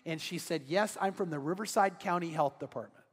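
Male pastor, high voice, animated storyteller, long church reverb. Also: a little fast, husky. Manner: animated, acts out dialogue in his story. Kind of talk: sermon storytelling. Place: large church sanctuary.

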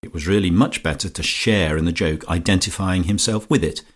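Man with a really low voice reading an old comic novel, calm and dry. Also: fairly quick. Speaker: audiobook narrator. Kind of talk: scripted narration.

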